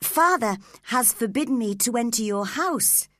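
A woman reading aloud and voicing a spirited young woman who speaks in a high, earnest, emotional way. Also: animated, moderate pace, bright, forceful tone, no echo, studio quality. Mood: earnest, pleading.

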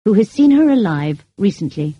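A woman reading the lines of a calm, formal male lawyer in an audiobook, speaking quietly and evenly. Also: medium pitch, normal speed, slightly rough, no room sound, highs cut off.

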